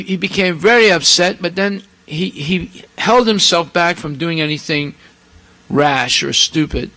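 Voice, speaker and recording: A male preacher telling scripture stories in an animated sermon, acting out the characters with asides to the audience. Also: fairly high pitch, low-quality recording. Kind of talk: storytelling sermon.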